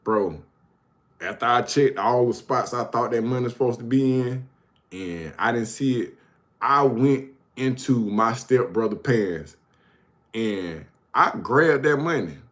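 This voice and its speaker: This is a man hosting his own show, swapping stories casually, laughing often and calling the listener "bro." His mid-pitched voice is animated, unhurried and a bit bright.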